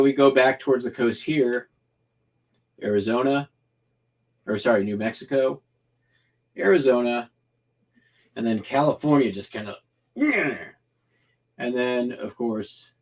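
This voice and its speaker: Man, casual vlog host, rambling and loose, lots of filler words, mid-range voice, narrating hand gestures. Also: medium pitch. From Washington state, US.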